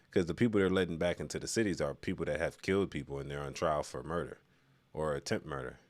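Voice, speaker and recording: A man's voice: a bass voice, brisk, no echo. A man from Chicago doing loose, rambling live-stream commentary, reading chat and laughing at his own remarks.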